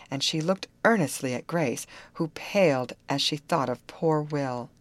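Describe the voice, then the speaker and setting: A woman reading a storybook aloud as narrator, in an expressive way. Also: rumbling low, measured pace, dry recording. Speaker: audiobook reader.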